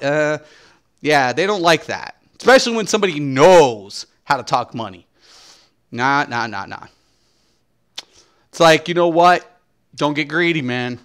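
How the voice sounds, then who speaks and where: A man's voice: high-pitched, lively intonation, normal speed, a bit bright. Profane, blunt male streamer ranting. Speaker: game streamer.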